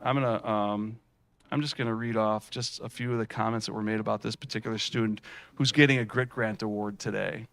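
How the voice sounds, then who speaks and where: A middle-aged man giving a folksy, animated keynote at a student showcase, telling stories with many fillers and restarts. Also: fairly low pitch, brisk. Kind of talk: storytelling keynote speech.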